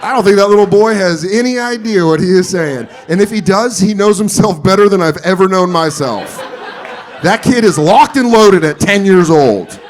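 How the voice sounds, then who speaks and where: A male stand-up comedian with a fairly high voice that swoops all over the place as he tells his stories. He swears freely and keeps jumping into loud, exaggerated impressions of the people in them. The set is performed on a comedy club stage. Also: moderate pace. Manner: animated storytelling, profane, jumps into loud exaggerated character voices.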